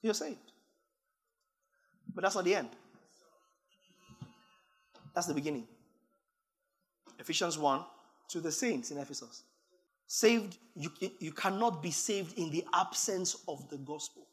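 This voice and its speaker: A man preaching a sermon, reading scripture aloud and building from calm teaching to emphatic shouting. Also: fairly high pitch, measured pace, pauses often.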